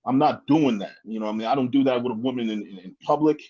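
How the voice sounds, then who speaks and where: A man with a medium-pitched voice talks as a guest in a casual chat, restarting often and leaning on "you know what I mean." The sound is dull and lo-fi. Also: fast talker, a little mellow.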